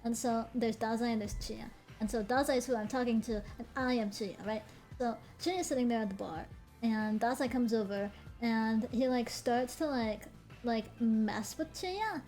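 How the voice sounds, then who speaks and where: A young woman streaming, her voice sitting a little high as she tells a story in casual chat. She is animated and swears freely, with quick laughing asides. Faint music runs underneath.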